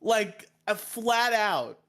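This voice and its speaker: Excitable man with a smooth voice. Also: sits high, drawn-out words. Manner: excited, rambling, swears and laughs often, acts out quoted lines. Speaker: podcast co-host. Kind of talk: casual chat, retelling a show's plot.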